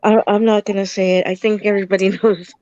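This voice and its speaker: A woman in a casual group chat who speaks in a drawn-out, knowing way. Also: mid-range voice, flat delivery, darkish tone, dry recording. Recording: dull lo-fi dry sound.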